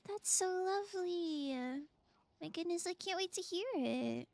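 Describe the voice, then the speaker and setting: A woman's voice: very high voice, a little slow, a bit bright, faint music behind. A woman streamer chatting casually and playfully while gaming, humming silly sing-song noises.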